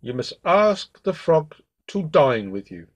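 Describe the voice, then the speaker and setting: A man's voice: fairly high pitch, sing-song, slow pace, heavily acted. A man reading a storybook aloud and voicing a stern old king who speaks firmly to his daughter.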